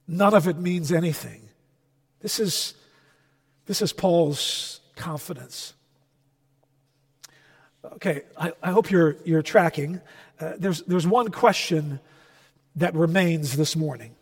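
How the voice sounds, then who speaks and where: Emphatic high-voiced male pastor in a hall. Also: slow pace, long pauses. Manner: emphatic, swings between loud and soft. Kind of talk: sermon. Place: church.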